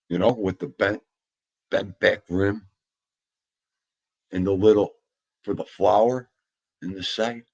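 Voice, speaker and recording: A man in his fifties with a husky, somewhat low voice. He chats casually in a rambling, jokey way and talks to his dog. The recording sounds a little dull and muffled. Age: 50s. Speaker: vlogger. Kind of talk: casual chat.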